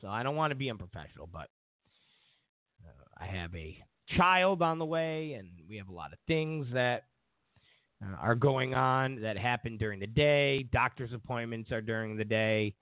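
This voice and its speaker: A man's voice: mid-range voice, animated, normal speed, no echo. Rambling man on a tinny line. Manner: rambling, digressive and sarcastic. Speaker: show host. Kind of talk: political commentary. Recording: tinny phone-like dry recording.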